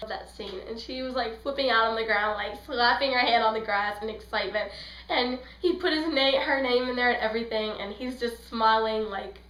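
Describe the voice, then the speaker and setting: In a poorly recorded, echoey space, a young book and film reviewer rambles through a gushing fangirl movie review, voicing characters as she retells scenes. She speaks on the high side with a fairly bright tone at a moderate pace.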